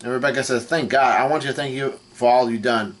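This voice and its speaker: Male vlogger, mid pitch, halting read-through recap, frequent restarts. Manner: halting, full of restarts and fillers, reads quoted lines flatly. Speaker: manga reaction vlogger. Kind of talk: casual recap while reading.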